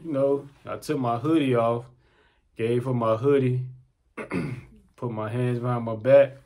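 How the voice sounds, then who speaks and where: A man's voice: mid-range voice, measured pace. A young man telling a personal story in casual, slangy talk, often repeating his phrases. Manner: animated, slangy, repeats himself.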